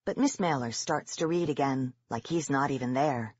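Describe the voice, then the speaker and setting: Husky narrator, measured horror reading, dull lo-fi audio. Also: medium pitch, no room sound. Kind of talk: scripted storybook narration.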